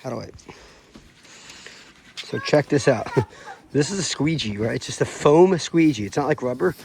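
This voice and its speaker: A family vlogger talks casually to the camera outdoors in a snowy yard, upbeat, chatty, and laughing often. His medium-pitched voice is creaky and darkish, with lively intonation at a moderate pace, and there's slight background noise.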